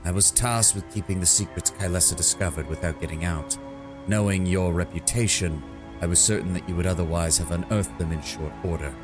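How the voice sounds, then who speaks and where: A proud, cold-blooded male dark elf assassin speaks in slow, measured contempt, read aloud by a man. The voice sits very deep and low, and each line comes out cool and unhurried. Music plays faintly underneath. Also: close to an everyday voice. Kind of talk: reading game dialogue aloud.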